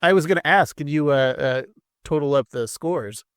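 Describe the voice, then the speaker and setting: A man's voice: fairly high pitch, moderate pace, no room sound, studio quality. Laid-back man rambling on a podcast. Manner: relaxed, rambling, laughs often. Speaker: podcast co-host. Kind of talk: casual chat.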